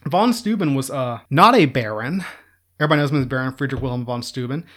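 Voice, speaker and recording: A man's voice: medium pitch, animated, fast, a bit bright. Chatty, wry male history lecturer. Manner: chatty, sarcastic, laughs at his own jokes.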